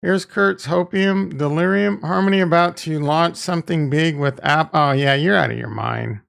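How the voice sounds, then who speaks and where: A man's voice: on the high side, normal speed, creaky, fairly bright tone, clean tone. A man hosting a casual crypto livestream, rambling and swearing freely as he reacts to viewer comments. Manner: rambling, profane, off-the-cuff.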